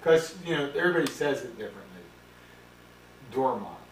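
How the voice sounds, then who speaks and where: A man's voice: medium pitch, expressive, a little fast. A man reminiscing in casual family conversation, rambling and correcting himself as he goes. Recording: echoey room, distant mic, faint hiss.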